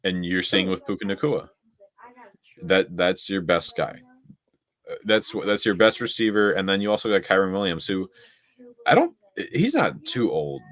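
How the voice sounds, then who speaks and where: A young man co-hosting a casual football talk show, rattling off stats and getting excited about big games. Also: lowish voice. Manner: excitable, stat-heavy, laughs often. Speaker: co-host. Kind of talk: casual sports chat.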